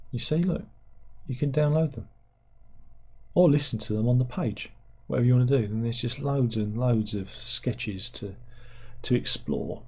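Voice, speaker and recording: A middle-aged man hosts a loose, rambling livestream chat. He wanders from topic to topic and stops to read out viewer comments. His voice is dark and mellow, with a husky edge. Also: mid-range voice. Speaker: livestream host.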